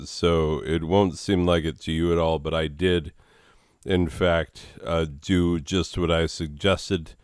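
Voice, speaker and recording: A man hosting his own channel in a rambling comedic monologue, deadpan, self-mocking and wandering off topic. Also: low-pitched, no echo, studio quality. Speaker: channel host.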